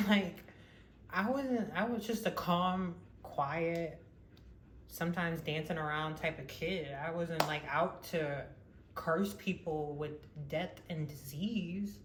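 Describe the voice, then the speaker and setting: A woman's voice: fairly low pitch, slow pace. A young woman telling a personal story in a casual monologue, rambling with many fillers and frequent laughs. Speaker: vlogger. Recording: echoey room with faint noise.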